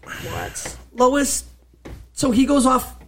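A man co-hosting a casual podcast chat about a film, talking in halting bursts with many restarts. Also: very high-pitched, a little hiss or hum. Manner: halting, restarts often, animated. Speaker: podcast co-host.

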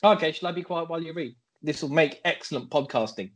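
A man's voice: on the high side, fast talker. A man co-hosting a comedy podcast in casual, teasing, rambling banter. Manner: teasing, rambling, playfully self-important. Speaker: podcast co-host.

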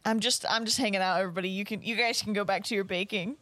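A woman narrating as game master of a tabletop game in a casual, joking way with quick asides. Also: medium pitch, fairly even intonation, pushed and bright, no echo.

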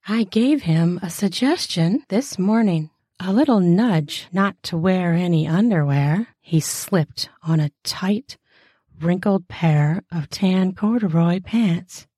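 A woman reads explicit first-person fiction in an unhurried, drawn-out way, lingering on every word. Her voice is soft and mellow, and she drops crude, mocking asides into the narration. The sound is dry and close, with no room around it. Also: fairly low pitch, no echo. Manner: slow, deliberate delivery with crude, mocking asides.

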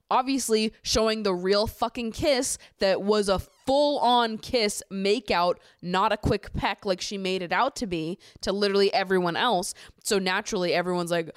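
Chatty woman podcaster, smooth and dry. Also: normal speed, no echo. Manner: chatty, swears freely, rises to exasperated high pitch when ranting. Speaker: podcast host. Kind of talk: casual reality-show recap.

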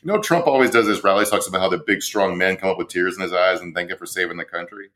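A man's voice: low-pitched, quick pace, fairly bright tone. A man co-hosting a casual political podcast, talking in a wry, sardonic way and laughing at his own points. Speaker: podcast co-host.

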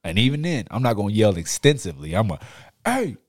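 Speaking fast and very animatedly, a young adult male podcast host tells profane stories in a casual chat, laughing plenty and acting out quotes. His pitch is fairly low, and the sound is clean studio quality with no echo.

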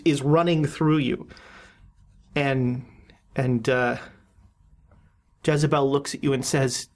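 A game master narrating a horror tabletop game, often pausing and restarting sentences. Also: medium pitch. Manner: halting, with many restarts and fillers.

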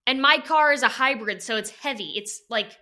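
A woman co-hosts a casual podcast with a high, bright voice that swings widely in pitch. She tells wildly exaggerated jokes in a deadpan tone. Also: fairly quick. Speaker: podcast co-host. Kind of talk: casual chat.

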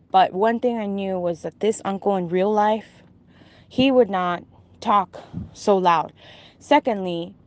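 A woman casually retelling a vivid dream, halting with restarts and asides. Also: medium pitch. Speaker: storyteller.

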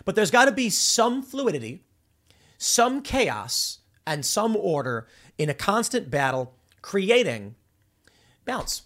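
A man from Chicago hosting a political commentary show, talking off the cuff in an animated, rambling way full of restarts and repeated words. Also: high-pitched, slow pace. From Chicago, USA. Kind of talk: unscripted political monologue.

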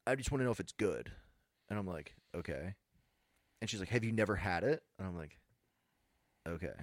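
Young philly guy telling stories all deadpan, voice bounces around a lot, dry mic. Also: deep voice, a little fast, no room sound. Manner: laid-back, deadpan storyteller who mimics angry customers. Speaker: podcast co-host. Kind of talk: casual storytelling chat.

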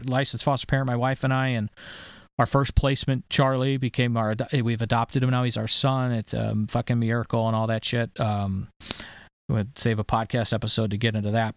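A man's voice: mid-range voice, smooth, dry recording, clean studio sound. A man in his thirties from St. Louis, hosting a podcast and telling a story in a rambling, profane, emphatic way full of restarts. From St. Louis, USA. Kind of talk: casual storytelling chat.

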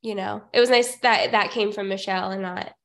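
A woman's voice: mid-range voice, steady tone, brisk, creaky. A woman co-hosting a podcast, a teacher, chatting and laughing about a TV special. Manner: laughs often, agreeable. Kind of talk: casual chat recapping a TV special.

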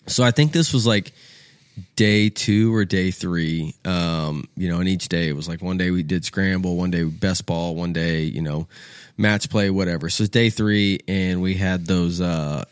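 A man's voice: low-pitched, a little slow, clear, resonant tone, dry recording. Casual, swearing young man telling a story. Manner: animated, swears freely, acts out quoted voices. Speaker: podcast guest.

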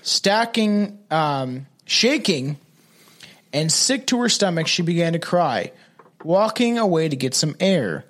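A man's voice: a little high, sing-song, takes it slowly, fairly bright tone. Rambling man reading a ghost story. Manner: rambling, swearing, laughing often. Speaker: podcast co-host.

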